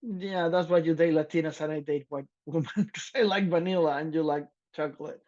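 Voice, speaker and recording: A man co-hosting a podcast, talking loudly and excitedly in casual chat and laughing often, with a slight lilt. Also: fairly high pitch, a little fast, dull audio. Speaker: podcast co-host.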